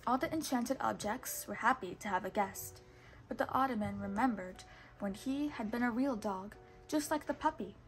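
A woman reads a children's storybook aloud, steady and patient. Her voice sits fairly high. She sometimes stops to correct a word and carries on. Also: normal speed, music in the background. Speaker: storybook reader.

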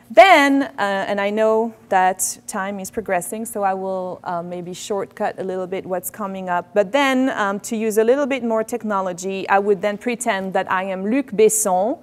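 A woman, a professor giving a faculty lecture, animated and self-deprecating. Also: mid-range voice. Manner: animated, self-deprecating, quoting French phrases. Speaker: French professor. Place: lecture hall.

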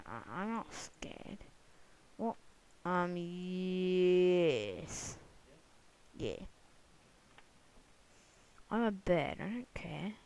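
Young let's-play gamer, unhurried and rambling, gravelly but smooth-toned, goofy asides and bursts of excited whooping. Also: medium pitch, rough recording. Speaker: gamer recording gameplay commentary. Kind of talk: casual let's-play commentary. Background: other people talking in the room.

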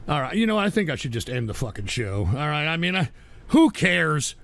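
A man's voice: a little high, sing-song, fairly quick, vocal fry, a bit bright. A man hosting a livestream show, reading viewer donations and ranting at trolls with irritable, profane outbursts. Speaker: host.

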